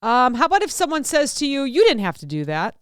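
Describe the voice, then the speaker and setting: A woman hosting a casual podcast chat, animated and acting out quoted lines. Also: sits high, quick pace, smooth, dry recording, clean studio sound. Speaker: podcast host.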